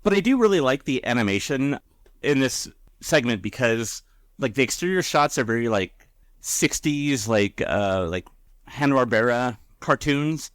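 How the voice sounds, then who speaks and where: A man's voice: mid-range voice, expressive, moderate pace, fairly bright tone, smooth, no echo. Male podcast co-host, rambling casual recap, dry close sound. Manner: rambling, filler-heavy.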